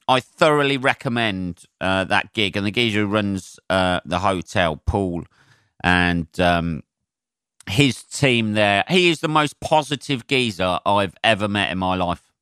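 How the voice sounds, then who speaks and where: A comedian rambles through his solo podcast, swearing freely and filling gaps with ums. His voice is bright and sharp, smooth and clear, and it sits close to the mic with a dry sound. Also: on the low side, no echo. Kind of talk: casual solo podcast monologue.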